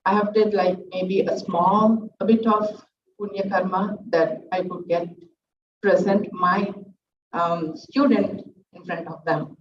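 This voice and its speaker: A middle-aged woman, a dance teacher giving an earnest, halting speech at her student's recital. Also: mid-range voice, fairly even intonation, slight background noise. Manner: earnest, halting, with many fillers. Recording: roomy, distant, dull sound.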